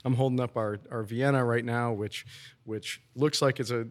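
A man's voice: medium pitch, fairly even intonation, normal speed. A man who is a brewer, explaining his brewing process in casual podcast talk, often restarting and repeating words.

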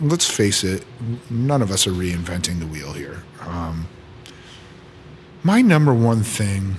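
A man, a brewer, chatting casually in a podcast conversation, relaxed and thinking aloud as he explains how he works. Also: fairly low pitch. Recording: faint background noise.

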